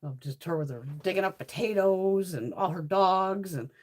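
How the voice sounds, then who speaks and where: At a moderate pace and with a fairly low pitch, a middle-aged woman chats casually on her beauty vlog. She swears freely, laughs often, and tells her stories with animation.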